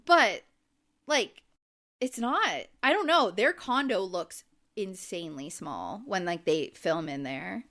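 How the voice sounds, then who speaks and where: Lively, chatty woman podcast host. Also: medium pitch, slow. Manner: chatty, filler-heavy, lots of "like". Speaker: podcast co-host recapping a reality show. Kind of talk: casual chat.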